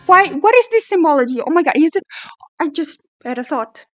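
High-voiced excitable young woman reacting. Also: brisk, dry recording. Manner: excitable, swears freely, sings along and shrieks. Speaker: reaction video host. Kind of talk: excited music video reaction. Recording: faint music playing behind her voice.

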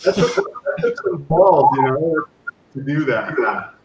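A man hosting a podcast, chatting excitedly and often cutting in. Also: fairly high pitch, slow, background noise. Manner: excitable, interrupts. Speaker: podcast host. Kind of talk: casual chat.

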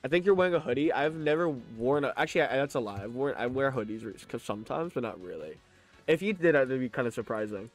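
A man's voice: mid-range voice, animated, quick pace, soft background music. Young man talking through a lisp. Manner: chatty and joking, laughs often, stammers on restarts. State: slurred lisp, mouth held open by new braces, full of saliva. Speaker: live streamer. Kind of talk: casual live-stream chat, reading chat aloud.

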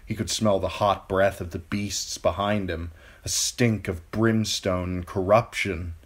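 A man with a very deep, low voice reads a fantasy novel aloud. He narrates as an amateur audiobook reader, taking the text slowly and deliberately. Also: steady tone, husky.

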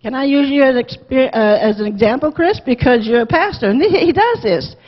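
A woman teaching a Bible lesson to a Sunday school class, lively, acting out the quotes and asking the class questions. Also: sits high, brisk. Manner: animated, acts out quotes, asks class questions. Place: church classroom. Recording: dull lo-fi with long church reverb.

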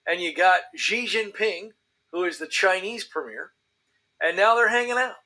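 A male show host doing comic news commentary with sarcastic, theatrical delivery. His voice is high for a man and very bright. Each line lands with show-clip punch. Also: moderate pace, rough recording.

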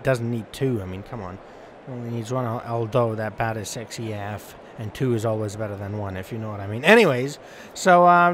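A man's voice: mid-range voice, a little hiss or hum. A young man casually commenting while playing a cricket video game, rambling and swearing offhandedly. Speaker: gaming channel host.

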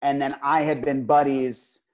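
A man talking as a podcast guest, relaxed and laughing along as he tells how he got a part. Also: medium pitch, unhurried. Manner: relaxed, laughs along, retells past talks. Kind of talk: casual interview chat.

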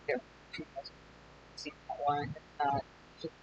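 A man hosting a gameplay video in casual let's-play chatter, rambling and jumping into high squeaky bursts. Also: fairly even intonation, slow pace, pauses often, fairly bright tone. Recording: slightly dull home mic with faint hiss.

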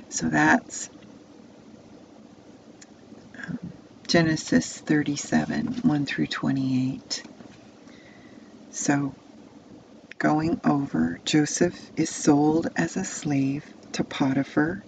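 A woman's voice: low voice, steady tone, extremely slow, gravelly, long pauses, noisy background. A woman telling a Bible story to children, placing the listener inside the tale as "you". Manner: second-person immersive storytelling.

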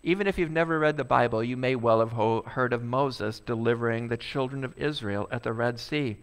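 A male pastor preaching a sermon, animated and acting out a complaining crowd. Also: medium pitch, fairly quick, clean tone.

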